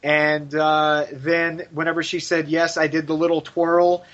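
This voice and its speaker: A man co-hosting a podcast who gushes and swears freely as he talks. His voice sits a little high, and the recording sounds muffled and lo-fi. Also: level tone, a little slow, fairly bright tone. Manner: effusive, gushing, swears freely. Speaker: podcast co-host. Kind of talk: casual chat.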